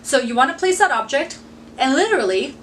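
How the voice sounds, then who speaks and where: Bright-voiced upbeat woman trainer. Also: high voice, animated, fairly quick, a little hiss or hum. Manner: upbeat, chatty, explanatory. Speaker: presentation trainer. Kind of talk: instructional talk to camera.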